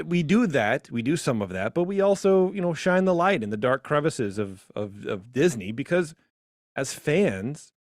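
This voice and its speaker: A man co-hosting a podcast in casual, opinionated chat, animated and jumping into high mocking voices. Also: no echo, studio quality. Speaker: podcast co-host.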